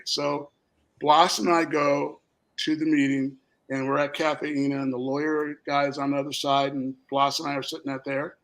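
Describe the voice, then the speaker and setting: A middle-aged man from Minnesota, founder of a spirits company, spins rambling anecdotes as a talk show guest and acts out the voices of the people in them. His voice is fairly high and fairly bright, with a flat delivery at a moderate pace, on a low-quality recording.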